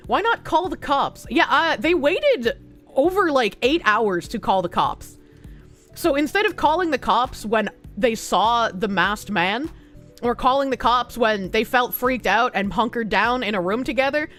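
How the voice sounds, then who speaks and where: A woman's voice: a little high, fairly bright tone. Female streamer, casual skeptical commentary over news reading, faint music bed. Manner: rambling and skeptical, swears casually, talks to chat.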